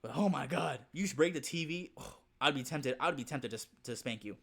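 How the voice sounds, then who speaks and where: A man's voice: fairly high pitch, expressive, a little fast, a bit bright. A man hosting a reaction video, talking in a casual, rambling way, repeating himself and swearing freely.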